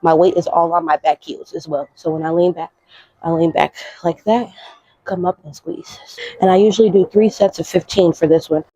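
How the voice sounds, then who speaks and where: A woman's voice: fairly low pitch, steady tone, a little fast, warm tone, no room sound, low-quality recording. A young woman casually explaining her workout routine while exercising, chatty and out of breath. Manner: chatty, coaching, slangy. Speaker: fitness vlogger.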